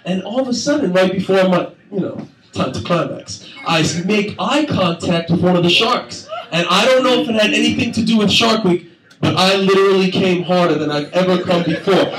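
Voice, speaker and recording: A man's voice: high-pitched, moderate pace. A young man doing a crude, rambling stand-up comedy set on a club stage, laughing at his own jokes. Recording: echoey room from far, crowd noise.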